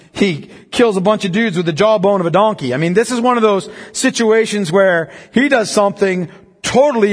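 A man preaching an expository sermon. He reads scripture slowly and solemnly, then explains it conversationally, asking the listeners rhetorical questions. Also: high voice. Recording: long reverb of a large hall.

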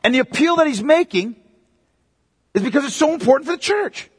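A man's voice: extremely high pitch, lively intonation, brisk. A male pastor preaching a sermon emphatically, often asking the congregation rhetorical questions. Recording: long reverb of a large hall.

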